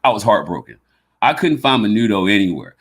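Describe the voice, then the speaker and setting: With a slight Southern drawl, a man in his fifties from the American South hosts a podcast in a lowish, breathy, sing-song voice at a slightly quick pace. The conversation is casual and rambling, and he often repeats words as he gathers his thoughts.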